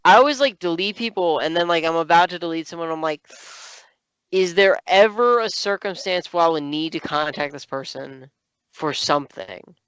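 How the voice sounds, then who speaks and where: A man chats on a podcast, telling stories animatedly and filling them with lots of "like." His voice sits a bit high and sounds smooth. The recording is dry, with a slightly dull sound. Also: moderate pace, no room sound. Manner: animated storytelling with many fillers. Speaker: podcast co-host. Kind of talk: casual chat.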